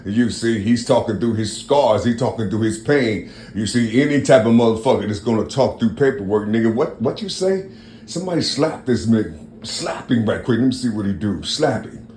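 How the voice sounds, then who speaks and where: A man's voice: on the low side, animated, moderate pace, darkish tone, roomy sound. Profane, preachy man musing outdoors. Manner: profane, preachy, repeats "you see". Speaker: vlogger. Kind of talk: rambling monologue. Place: outdoors by a river at night.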